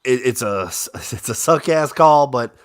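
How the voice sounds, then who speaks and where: A young fan reacts live to a game in casual commentary, a little slow, moving from low grumbling to excited shouts whenever a big play happens.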